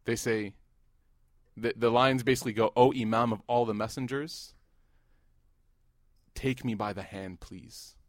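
A man in his thirties giving a sermon, mixing laughing stories with hushed, earnest reflection. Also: medium pitch, a little slow, pauses often, no room sound, studio quality. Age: 30s. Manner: animated, jokes and rises loud in anecdotes, hushed and earnest in devotion. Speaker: Muslim preacher. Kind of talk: sermon with storytelling.

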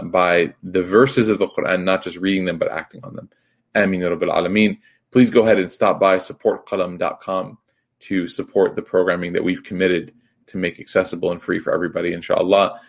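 A man's voice: sits low, vocal fry. A young man giving a reflective religious talk in a casual, conversational way, full of fillers and restarts. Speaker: Islamic teacher.

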